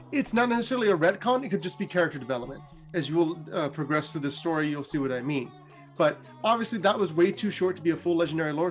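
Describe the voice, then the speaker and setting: A man casually retelling fantasy game lore in a chatty way, full of fillers and sudden pitch jumps. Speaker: lore storyteller.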